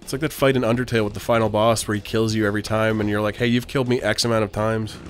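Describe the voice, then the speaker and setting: Lowish-voiced guy doing casual game commentary, swears a lot, laughs loud, faint music in back. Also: flat delivery, racing. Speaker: co-host guiding a video game playthrough.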